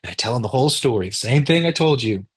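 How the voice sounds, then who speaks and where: A man's voice: mid-range voice, animated, fast, slightly rough. A man in his thirties, a guest in an interview, telling stories casually, acting out the people he quotes and swearing freely. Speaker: interview guest, rapper and director.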